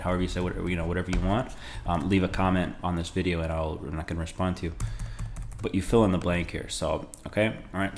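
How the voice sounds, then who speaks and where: A man's voice: low-pitched, a little hiss or hum. A man from the United States teaching beginner Spanish in a loose, talky way, often checking in with the listener. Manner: loose and talky, restarts and frequent "okay?". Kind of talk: casual spoken lesson.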